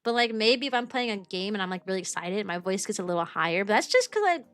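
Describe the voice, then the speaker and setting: Chatting casually with her viewers, a young US kindergarten teacher who streams rambles, restarting and using fillers. She talks fast in an animated, medium-pitched voice that's a bit bright.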